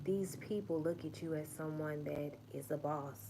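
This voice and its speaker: A woman's voice: deep voice, steady tone, moderate pace, vocal fry, background noise. A woman hosting a livestream, giving an emphatic, profane and repetitive motivational talk. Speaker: livestream host.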